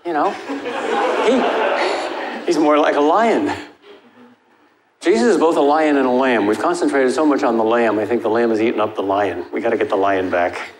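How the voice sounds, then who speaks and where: An older man answering audience questions after a lecture, emphatic and wry, his pitch jumping up for stress. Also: moderate pace, pauses often, a faint crowd. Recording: echoey hall with faint noise.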